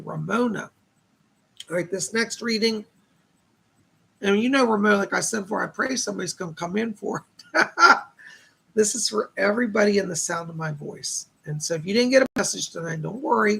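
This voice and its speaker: A man's voice: high voice, pushed and bright, poor audio. A man giving live psychic readings, relaying spirit messages with constant "she said" tags. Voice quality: gravelly, husky. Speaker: psychic medium.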